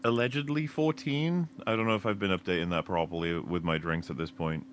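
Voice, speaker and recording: A man's voice: low voice, steady tone, a little fast, a little hiss or hum. A man rambling and swearing in a casual chat while he plays a game and drinks with a friend, laughing often. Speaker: co-host and game player.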